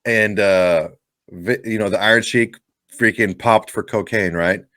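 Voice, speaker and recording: A man's voice: fairly low pitch, steady tone, unhurried, fairly bright tone, dry recording, studio quality. A man co-hosting a podcast, chatting casually and telling joking stories. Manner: joking storyteller, puts on silly voices in anecdotes. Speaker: podcast co-host. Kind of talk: casual chat.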